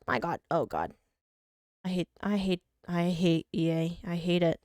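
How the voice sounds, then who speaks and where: A woman's voice: fairly low pitch, a little slow, a little mellow, dry recording, studio quality. A young woman streaming a game from home, chatting casually in a rambling, mock-whiny, self-deprecating way. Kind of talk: casual live-stream chat.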